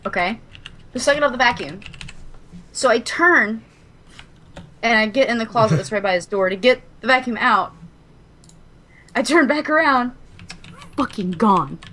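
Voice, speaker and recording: A woman from Kentucky, co-hosting a podcast, telling a story in casual chat, animated and dramatic, swearing freely. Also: on the high side, normal speed, pauses often. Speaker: podcast co-host.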